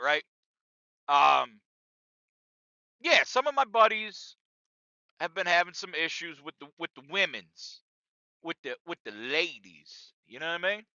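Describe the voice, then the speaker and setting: A middle-aged man hosts a podcast in a loose, profane monologue aimed straight at his listeners. His voice is very bright and a touch high. The sound is dry and dull, like a lo-fi home setup. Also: dry recording. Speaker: podcast host. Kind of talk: casual monologue.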